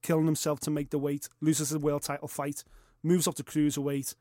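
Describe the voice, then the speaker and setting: A man's voice: a little high, flat delivery, a little fast, dark tone, dry recording, clean studio sound. A man hosting a podcast, matey and encouraging, swearing casually as he talks. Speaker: podcast host.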